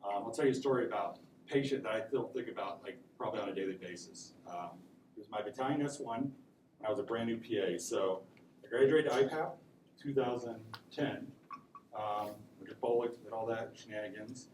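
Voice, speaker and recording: A man's voice: lowish voice, fairly quick, darkish tone, recorded from a distance. Guy teaching a class, chatty, keeps saying right, noisy echoey room. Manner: casual, conversational, peppered with "right?". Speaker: lecturer. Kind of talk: classroom lecture with stories.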